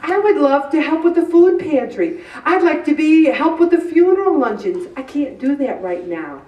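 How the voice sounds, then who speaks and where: Jokey woman doing a faith talk, kinda high voice, sounds far off in a roomy space. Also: sing-song, normal speed, muffled recording. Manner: chatty, jokey, acts out little quoted exchanges. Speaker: inspirational speaker. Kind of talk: humorous faith talk on stress. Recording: echoey room, mic at a distance.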